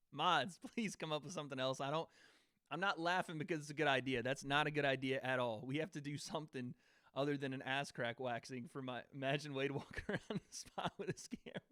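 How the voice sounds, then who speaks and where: A young man hosts a casual livestream from home, laughing and bantering with his chat between fight predictions. His voice is smooth and clean, sitting mid-range in pitch. The sound is dry, with no room around it. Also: brisk, pushed and bright, no echo. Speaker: livestream host.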